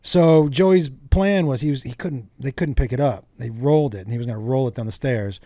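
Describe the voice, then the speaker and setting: A comedian guest on a podcast, telling profane stories in lively, casual chat. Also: male voice, medium pitch, fairly quick, no echo, studio quality.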